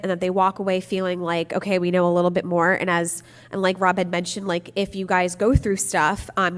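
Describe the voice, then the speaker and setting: A woman's voice: fairly low pitch, a bit bright, smooth. A woman presenting at a conference in a casual way, with many fillers. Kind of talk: conference talk. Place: conference hall. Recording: reverberant hall with faint music.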